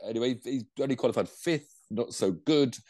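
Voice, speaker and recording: An older man, co-hosting a motorsport roundup in animated, rambling casual chat. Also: mid-range voice, brisk, no room sound, clean studio sound. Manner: animated, rambling, lots of restarts and laughs. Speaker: co-host of a motorsport show.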